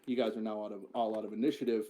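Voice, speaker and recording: A man's voice: lowish voice, flat delivery, racing, a crowd in the background. A man narrating a tabletop game as game master, casual, often swearing and correcting himself mid-sentence.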